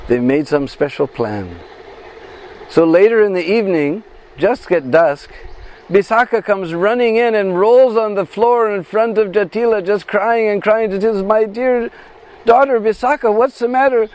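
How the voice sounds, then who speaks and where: A man telling a devotional story in an expressive, dramatic way, acting out each character's voice. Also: sits high, moderate pace.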